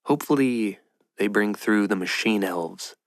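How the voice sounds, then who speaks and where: A man's voice: fairly low pitch, measured pace, dry recording, studio quality. A man hosting a podcast, talking in a rambling, playful casual monologue and slipping into mock voices. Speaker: podcast host.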